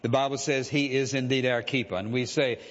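A man's voice: mid-range voice, fairly even intonation, brisk. A man preaching a sermon in a conversational way, with many "uh" fillers and "listen" asides. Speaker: pastor. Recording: reverberant hall, dull lo-fi sound.

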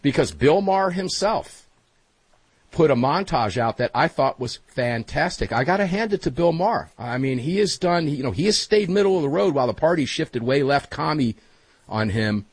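Chummy talk radio host, husky voice. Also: male voice, a little high, normal speed, no room sound, low-quality recording. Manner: energetic, chummy, addresses listeners directly. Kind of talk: casual talk radio banter. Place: home radio studio. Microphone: studio mic.

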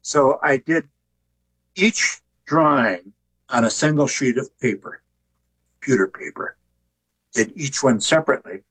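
An older man, an author and artist, talking in an interview with a relaxed, joking storytelling manner. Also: mid-range voice, rough recording. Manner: relaxed storyteller who jokes.

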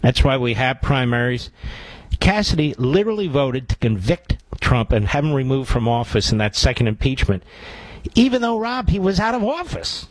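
A man's voice: medium pitch, animated, normal speed, no room sound, poor audio. A man hosting a call-in radio talk show, combative and opinionated, with a sarcastic edge. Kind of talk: talk radio, taking calls.

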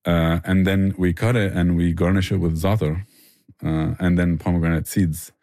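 A man's voice: low voice, little pitch movement, moderate pace, warm tone, no echo, studio quality. A man, a barbecue restaurant owner answering interview questions earnestly and enthusiastically, often restarting his phrases.

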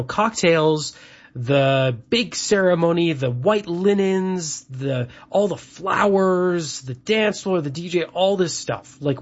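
Chatty husky man, rambling. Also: on the high side. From Canada. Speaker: host. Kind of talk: casual chat. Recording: dull lo-fi sound.

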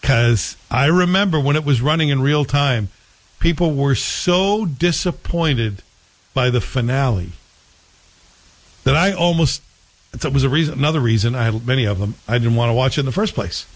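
A man's voice: medium pitch, animated, moderate pace, poor audio. A man hosting a casual chat, talking in a rambling, opinionated way with frequent restarts.

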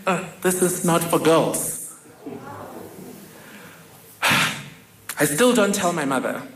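Lady telling a true story live, dry wit, echoey room. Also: sits low. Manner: wry, vivid, with dry humor. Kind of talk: live first-person storytelling on stage. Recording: roomy hall with faint noise.

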